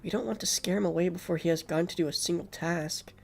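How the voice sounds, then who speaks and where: A man's voice: high voice, fast talker, creaky. A man voicing a serious, ladylike young woman, polite and composed.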